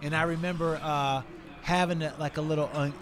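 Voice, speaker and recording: A man in his forties, a retired fighter, tells stories as a podcast guest in an animated, casual way, with many fillers. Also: a little high, a little fast. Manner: animated, filler-heavy, acts out scenes with raised voice. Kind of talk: casual storytelling in conversation.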